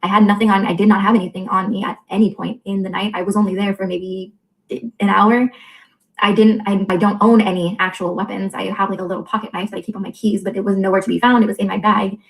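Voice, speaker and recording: A woman in her twenties telling a personal story in a candid vlog, blunt and full of profanity, quickly acting out what others said. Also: mid-range voice, little pitch movement, vocal fry, poor audio. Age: 20s. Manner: quotes others in quick reported dialogue. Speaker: vlogger.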